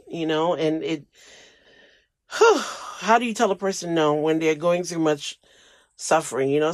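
A man's voice: fairly high pitch, dry recording. A man hosting a casual solo podcast, rambling and emotional, sometimes close to tears. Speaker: podcast host.

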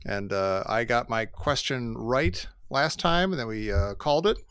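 A man's voice: medium pitch, measured pace, a bit bright, smooth. A man who co-hosts a podcast, running a board trivia game with casual, joking narration. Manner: joking, plays along as Luke.

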